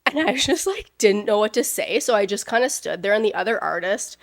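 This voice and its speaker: A woman's voice: medium pitch, animated, brisk, no room sound, studio quality. A woman co-hosting a casual podcast, talking bluntly and animatedly and swearing freely. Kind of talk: casual chat.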